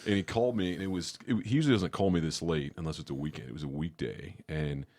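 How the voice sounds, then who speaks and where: Man, very low voice, animated storyteller, casual and profane. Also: fast.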